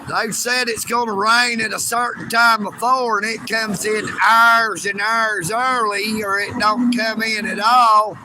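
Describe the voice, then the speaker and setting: A man's voice: sits high, fairly even intonation, a little slow, hardly any pauses, noisy background. A man hosting a casual outdoor livestream from beside railroad tracks, chatting in a folksy way and greeting viewers by name on a phone. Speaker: livestream host. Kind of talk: casual outdoor live-stream chat.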